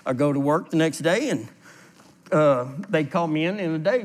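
A man with a drawl preaches a sermon, his voice sitting a little high and swinging widely in pitch. He tells stories with lively energy and reads scripture aloud, stopping to explain it to the congregation. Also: normal speed. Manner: storytelling, animated, laughs at his own story. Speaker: pastor.

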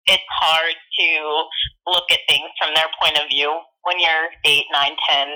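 Sharp-voiced frank woman guest. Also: low voice, flat delivery, unhurried, low-quality recording. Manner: candid, frank, swears casually. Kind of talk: casual chat.

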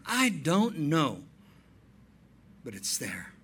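A male pastor preaching a sermon, animated, telling stories and acting out dialogue. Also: high voice, unhurried, breathy edge.

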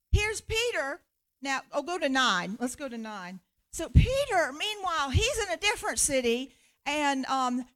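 A woman preacher giving a sermon in an animated, conversational way, laughing often. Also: high voice.

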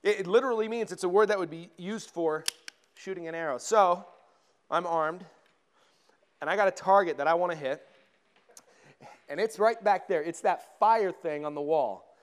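A man's voice: sits high, moderate pace, pauses often. A male pastor from giving a conversational sermon in a church, with humorous asides to the congregation. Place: church sanctuary.

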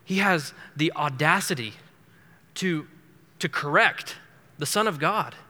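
A male pastor preaches an expository sermon in a church sanctuary, earnest and emphatic, often repeating words as he builds a point. His voice sits a little high and sounds very bright and forceful. Long reverb trails behind him in the hall. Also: lively intonation, takes it slowly.

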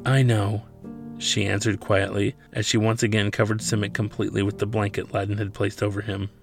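A male author reads his own novel aloud in a steady, measured way. His voice is low, with a gravelly fry. Faint music plays underneath.

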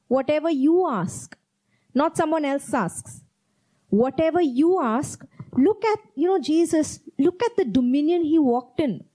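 A woman's voice: sits high, warm tone, poor audio. A woman preaching a sermon, reading Bible verses aloud and repeating key phrases with earnest emphasis. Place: church.

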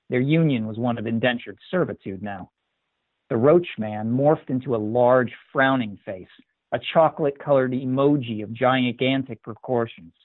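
A man narrating a scripted story in a measured, even manner. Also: mid-range voice, no room sound. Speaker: story reader. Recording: tinny dry phone-like sound.

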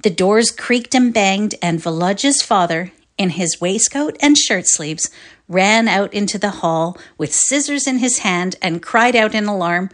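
A woman's voice: medium pitch, measured pace. A woman reading a classic short story aloud as narrator in a readers' theatre performance, telling it expressively. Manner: expressive storytelling, lively voicing of quotes.

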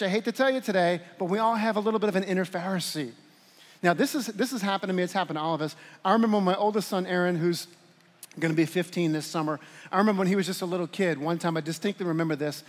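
A man in his forties preaching a sermon to a church congregation in an animated, conversational way with playful asides. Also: sits high. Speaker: pastor. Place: large church hall. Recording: long hall reverb.

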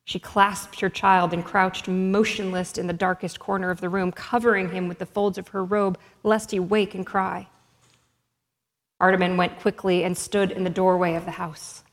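A woman narrates a story in a measured, expressive reading voice. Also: fairly low pitch. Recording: long hall reverb.

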